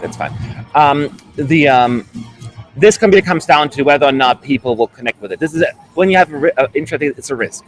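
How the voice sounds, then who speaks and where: A man's voice: medium pitch, rough recording. Male host, playful casual chat, faint music behind him. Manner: playful, jumping between topics. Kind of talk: casual live stream chat.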